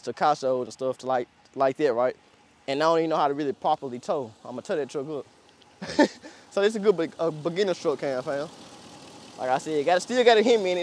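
A young man, chatting casually and laughing as he shows off a pickup truck outdoors. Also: a little high. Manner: slangy, rambling, laughs often. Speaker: car vlogger. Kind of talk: casual vlog walkaround.

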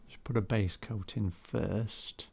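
Gravelly-voiced man painting live. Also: lowish voice, steady tone, slow pace, mellow. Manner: chatty, self-deprecating, thinks aloud while working. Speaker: art teacher. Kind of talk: live painting demonstration, chatting to viewers.

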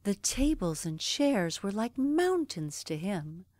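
A woman reading a bedtime story aloud, gentle and even. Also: medium pitch, slow pace, dry recording, clean studio sound. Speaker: narrator.

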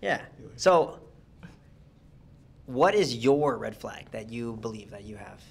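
A man hosting a comedic live-stream dating game, asking contestants questions in a brisk, teasing way. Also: medium pitch, lively intonation, creaky, husky.

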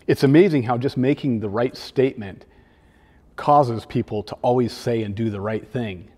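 A man, a children's pastor, preaching a sermon in a conversational, gently humorous way. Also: medium pitch, normal speed, husky, in a large hall.

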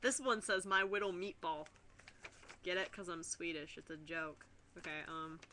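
A young woman talking casually to her webcam, excitable, giggly and swearing freely while she opens a package in her room. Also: fairly low pitch, normal speed, slight background noise. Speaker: vlogger.

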